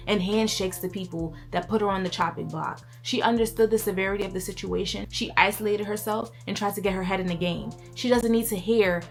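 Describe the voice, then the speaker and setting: Woman commentator, mid-pitched, deliberate and indignant, faint music under her. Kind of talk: scripted commentary monologue.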